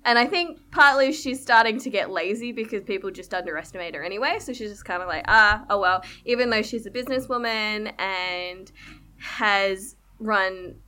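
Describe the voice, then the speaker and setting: A young Australian woman, a podcast guest, telling stories in an animated way with frequent laughter. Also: medium pitch, normal speed. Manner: animated storyteller, laughs often. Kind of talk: casual podcast chat.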